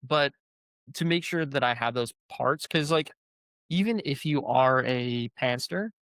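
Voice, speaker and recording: A man's voice: medium pitch, lively intonation, a little slow, a bit bright, dry recording. A man hosting a casual conversation as an author, thinking aloud in a rambling way full of fillers. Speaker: author and show host. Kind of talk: casual long-form conversation.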